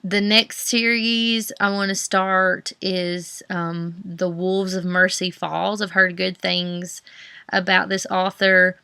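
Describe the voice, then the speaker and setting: Young Southern woman, book vlogger, low-ish smooth voice, chatty and rambling, dry close sound. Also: level tone, slow, bright, forceful tone, no echo. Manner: rambling, many fillers and restarts. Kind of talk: casual chat.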